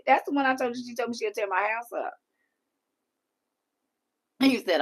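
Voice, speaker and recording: A woman's voice: a little high, moderate pace, long pauses. A middle-aged woman hosting a livestream, reading and answering chat comments with lots of laughter. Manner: animated, laughing often, talks back to chat. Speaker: livestream host.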